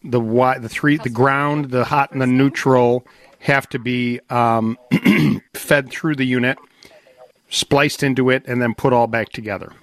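A man's voice: medium pitch, fairly even intonation, a little slow, no echo. A man hosting a call-in radio show, upbeat and folksy, explaining things plainly. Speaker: radio host.

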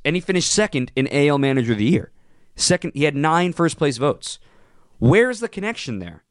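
A man's voice: normal speed, no room sound. Man, sports radio host, opinionated rant, punchy emphasis, dry studio sound. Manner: animated, ranting, punchy emphasis with sudden pitch jumps.

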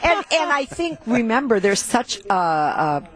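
A woman's voice: on the high side, very animated, a little slow, a crowd in the background. A woman, a travel show guest chatting casually in a TV studio, upbeat and full of restarts. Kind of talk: casual TV chat.

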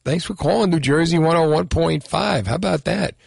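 A man's voice: a little high, a little fast, creaky, slightly rough, no room sound. A man hosting a call-in radio show from the studio, joking and teasing his callers. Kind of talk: lively call-in radio banter. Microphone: studio microphone.

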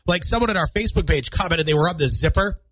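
Morning radio host, man in his thirties with a congested nasal cold voice, a bit high, dry close studio sound, chatty and self-mocking. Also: fast, a bit bright, no echo, low-quality recording. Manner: chatty and self-deprecating, rambling. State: stuffy nose and scratchy throat from a cold. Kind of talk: solo morning radio talk. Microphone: studio microphone.

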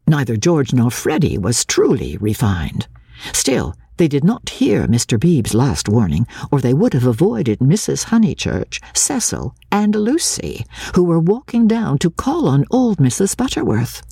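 A woman reads a classic novel aloud in a low voice that swoops widely as she tells the story. Her tone is mellow and slightly husky. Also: measured pace, no echo, studio quality. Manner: expressive, lilting narration. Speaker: audiobook reader.

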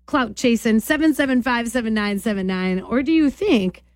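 A woman's voice: fairly high pitch, animated, moderate pace, dry recording, studio quality. A woman from New Jersey hosting a radio morning show, brash and joking, with frequent laughter. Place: radio studio. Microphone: studio mic.

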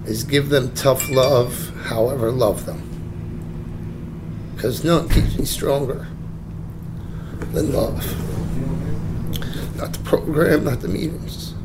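A man in recovery from addiction, speaking slowly and haltingly, audibly emotional as he gives a candid personal account. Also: medium pitch, noisy background. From New Jersey. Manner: halting, slow, pausing often with ums. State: emotional, voice close to breaking.

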